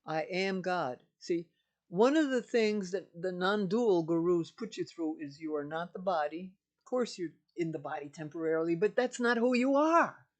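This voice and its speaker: A woman's voice: on the low side, lively intonation, normal speed. Older lady guru preaching, keeps repeating her points, strong emphatic talk. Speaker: spiritual teacher. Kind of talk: spiritual teaching monologue.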